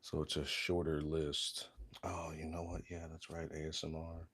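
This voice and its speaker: A man's voice: rumbling low, level tone, moderate pace, a bit bright, husky. A man chatting casually and jokingly while working on leather crafts. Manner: joking, rambling, self-deprecating. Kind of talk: casual workshop chat.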